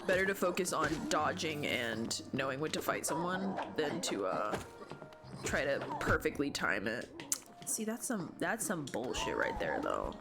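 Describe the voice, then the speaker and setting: A young woman streamer talks her way through a video game, swearing and grumbling in exasperation. Her voice sits fairly low but swings widely in pitch. Game music plays clearly behind her. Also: huge pitch swings, measured pace. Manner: swearing, exasperated, thinking aloud. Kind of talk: casual gameplay commentary.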